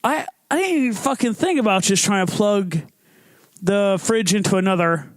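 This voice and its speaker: High-voiced man telling a profane story. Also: moderate pace, no echo. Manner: profane, animated storytelling with acted-out quotes. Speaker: podcast host. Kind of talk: casual storytelling chat.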